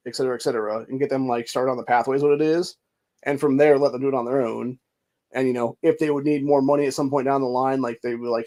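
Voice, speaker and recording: A man's voice: medium pitch, steady tone, racing, a little mellow. Rambling, profane man in casual commentary. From Ohio. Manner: rambling, profane, fillers like dude and bro. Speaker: podcast host.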